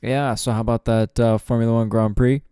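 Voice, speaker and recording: Male solo podcaster, loose rambling delivery, smooth mellow tone. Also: mid-range voice, little pitch movement, fairly quick, dry recording, studio quality. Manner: rambling, swears casually, frequent fillers. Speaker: podcast host. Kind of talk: casual solo rambling monologue.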